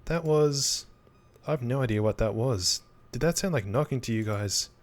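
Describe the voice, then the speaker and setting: A man's voice: mid-range voice, normal speed, natural voice. A man reading as a jumpy, panicky young woman. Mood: anxious. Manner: fretful, catastrophizing.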